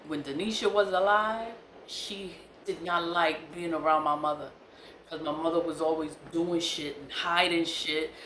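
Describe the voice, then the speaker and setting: Woman with a lowish voice, candid venting monologue, heated and swearing, recorded in a roomy space. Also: sharp tone. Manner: heated, profane, repeats herself for emphasis. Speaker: online seller and vlogger. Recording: roomy echo with faint background noise.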